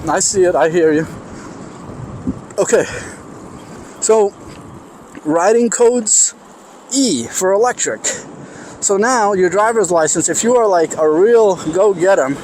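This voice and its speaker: A man with a New York accent talks casually into a clip-on mic as he rides through the city. His voice sits a bit high for a man, and he rambles along with loose restarts. Faint street noise runs behind him outdoors. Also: darkish tone. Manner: rambling, chatty, thinks aloud with restarts. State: parched, voice getting strained. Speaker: vlogger riding an electric unicycle. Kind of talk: casual vlog talk while riding. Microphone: clip-on mic while riding.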